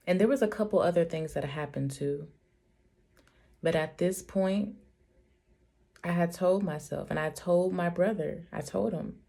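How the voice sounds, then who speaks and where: A woman's voice: sits low, creaky, darkish tone. A woman in her thirties telling a storytime vlog, talking in a heated, profane, emphatic way. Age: 30s. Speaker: vlogger, single mother.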